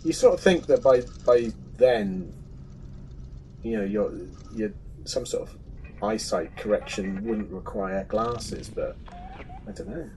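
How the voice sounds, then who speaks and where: A man's voice: on the low side, animated, slow, darkish tone, slight background noise, low-quality recording. A man co-hosting a casual film podcast, chatty and hesitant, often restarting his sentences. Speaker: podcast co-host.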